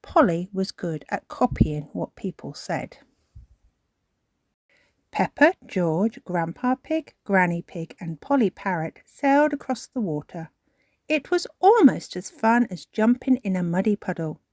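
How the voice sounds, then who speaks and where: A woman reading a children's storybook aloud in a slow, expressive way. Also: medium pitch, no room sound, studio quality.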